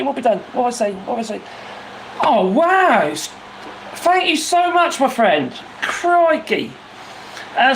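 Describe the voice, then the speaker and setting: A man's voice: high voice, fairly bright tone, a little hiss or hum, low-quality recording. A middle-aged man hosting a casual livestream, rambling, exclaiming and often laughing and swearing. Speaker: livestream host.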